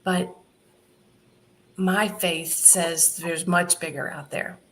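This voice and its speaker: A woman with a somewhat low voice tells a story in an interview. She is animated and laughs easily, and she often slips into quoting other people. Faint noise sits behind her voice. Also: slow. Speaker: charity founder guest.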